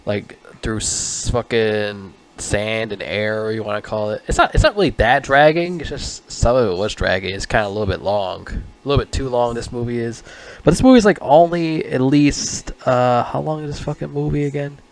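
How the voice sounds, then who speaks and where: A man's voice: medium pitch, expressive, moderate pace. A man giving a casual spoken movie review, rambling, swearing often and stumbling over his words.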